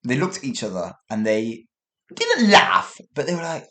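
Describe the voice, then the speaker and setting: A middle-aged man, hosting a podcast for learners and telling a story in a casual way. He is animated, mimics sounds with little noises and corrects himself mid-sentence. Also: medium pitch, moderate pace. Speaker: English teacher podcast host.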